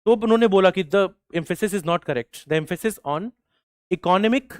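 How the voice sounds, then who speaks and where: A man's voice: high-pitched, no room sound, studio quality. Indian man dictating lecture notes. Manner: repeats phrases slowly for dictation, mixes English and Hindi. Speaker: teacher.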